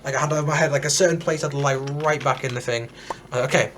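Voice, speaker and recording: Fast-talking teen gamer. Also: male voice, mid-range voice, steady tone, fairly bright tone, slight background noise. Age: teens. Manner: rambling, many restarts and fillers. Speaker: gaming streamer. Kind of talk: casual storytelling while gaming.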